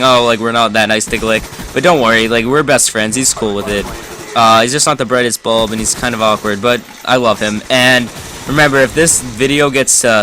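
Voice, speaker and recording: A man's voice: mid-range voice, pushed and bright, slight background noise. A young man casually telling a rambling, amused story while commentating over gameplay. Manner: rambling, amused, self-correcting.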